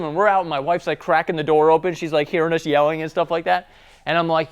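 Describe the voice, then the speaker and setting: A man coaching salespeople in a casual, story-driven talk. His voice sits a little high and is smooth and clear. He keeps checking in with his listeners as he goes. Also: steady tone, quick pace. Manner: conversational storytelling, tag questions. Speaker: sales trainer. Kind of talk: casual business training talk.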